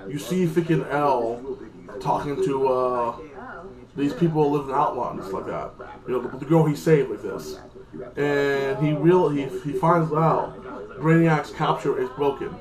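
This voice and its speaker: A man's voice: mid-range voice, measured pace, a crowd in the background. A man casually recapping a TV episode in a rambling, crude way, full of fillers. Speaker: TV episode reviewer. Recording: echoey room with music.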